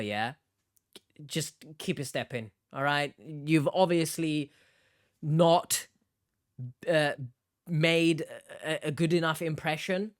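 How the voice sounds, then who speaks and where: Blunt and exasperated, this commentator lectures in a middle-pitched voice. The sound is dry and close, with no room to it. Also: dry recording. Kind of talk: reaction commentary.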